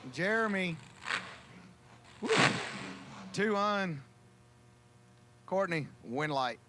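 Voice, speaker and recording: A man calling a drag race, with a joking, folksy manner and drawn-out calls. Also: high-pitched, bright, forceful tone, a little hiss or hum. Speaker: race announcer. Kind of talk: drag racing commentary.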